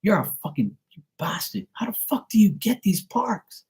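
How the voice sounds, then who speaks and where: A man's voice: high voice, big pitch swings, normal speed, darkish tone, husky, voice pushed up, heavily acted. A man putting on his ranting, exasperated sister. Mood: indignant. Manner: swearing, indignant.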